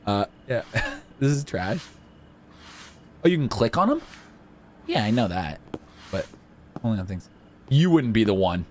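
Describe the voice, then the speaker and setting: Excitable man with a lively voice. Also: fairly low pitch, a little slow, long pauses, crowd noise. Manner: excitable, jokey, talks to game characters. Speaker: gaming video host. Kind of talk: casual let's-play commentary.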